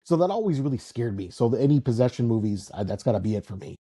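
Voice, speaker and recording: A man who is a podcast guest, telling stories in a quick, earnest way. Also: mid-range voice, big pitch swings, warm tone, breathy edge. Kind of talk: casual podcast chat.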